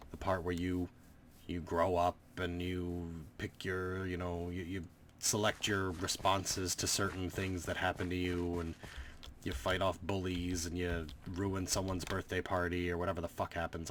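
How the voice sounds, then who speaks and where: A man's voice: low-pitched, little pitch movement, moderate pace, a little hiss or hum. A man giving casual, rambling gameplay commentary, sarcastic and swearing freely. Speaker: gaming commentator.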